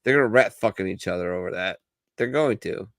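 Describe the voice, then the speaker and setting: A man with a low voice hosts a casual podcast, joking and swearing freely as he banters. The sound is dry and close, with no room echo. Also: fairly quick, fairly bright tone. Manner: profane, loose, joking. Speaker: podcast host.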